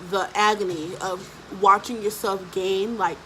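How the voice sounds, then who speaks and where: A young woman vlogger tells her story in a casual, animated way. She is blunt and swears freely, and she fills her talk with "like" and "so basically". Her voice is at a middle pitch, with a faint hum of room noise behind it. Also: a little slow, poor audio. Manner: blunt, profane, animated storytelling with frequent fillers.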